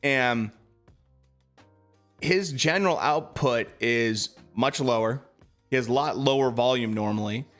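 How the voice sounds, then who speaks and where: A man's voice: mid-range voice, measured pace, long pauses, a bit bright, soft background music. A man streaming live, chatting casually about boxing and answering his viewers, with lots of fillers.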